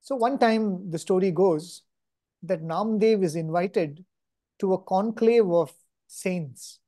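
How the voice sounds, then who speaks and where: A man giving a devotional talk at a spiritual gathering, telling a story at an unhurried pace with frequent pauses and self-corrections. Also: sits high, dark tone, dry recording. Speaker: guest speaker at a spiritual gathering.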